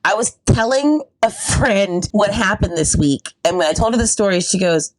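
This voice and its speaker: A woman's voice: medium pitch, normal speed, no echo, rough recording. A woman telling a comic story on a podcast, acting out voices and laughing often. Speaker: podcast guest comedian. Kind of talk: casual storytelling chat.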